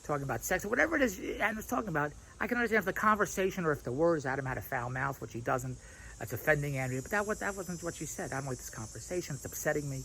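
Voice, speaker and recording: Man, fairly high voice, very lively pitch, rambling outdoor vlog, repetitive. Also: fast talker, vocal fry, slight background noise, poor audio. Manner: animated, repetitive, laughs at his own points. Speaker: vlogger. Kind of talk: rambling casual vlog monologue. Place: outdoors at a restaurant. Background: crickets and insects.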